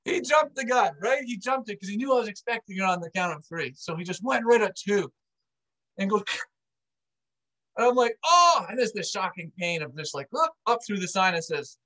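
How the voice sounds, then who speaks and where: A man with a fairly high voice tells a personal army story to camera. He is animated and acts out both sides of the conversation. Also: moderate pace, low-quality recording.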